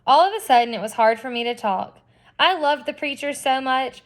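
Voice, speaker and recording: Expressive female reader of a children's novel, slightly high, chatty asides. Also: normal speed. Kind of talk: reading a children's novel aloud.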